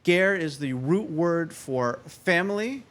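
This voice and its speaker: Animated joking man telling stories. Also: a little high, slow. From United States. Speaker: guest. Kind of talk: casual interview storytelling.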